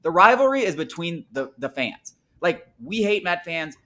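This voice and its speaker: A man's voice: on the high side, big pitch swings, normal speed, bright, forceful tone. A man hosting a sports talk show, ranting in an emphatic, exasperated way.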